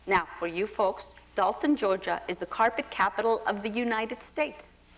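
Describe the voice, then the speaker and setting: An impassioned woman speaking on a panel at a public forum. She drives her points home with emphasis and keeps checking in with the audience, at a middling pitch. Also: expressive, moderate pace. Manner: impassioned, emphatic, frequent "okay?". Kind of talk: panel discussion. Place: lecture hall forum.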